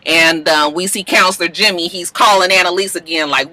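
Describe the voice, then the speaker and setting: A woman's voice: fairly low pitch, steady tone, brisk, bright, forceful tone, no echo, rough recording. A woman vlogging a casual, sassy episode recap, chatty and playful as she talks. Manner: sassy, chatty, quotes characters in voices. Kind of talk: casual chat.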